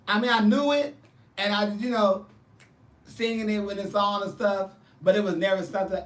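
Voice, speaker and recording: A man who performs in drag and hosts shows, chatting casually with viewers and telling lively, profane stories. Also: high voice, normal speed, roomy sound, far from the mic, a little hiss or hum. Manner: animated, profane storytelling. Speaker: drag performer and show host. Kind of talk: casual chat answering viewers.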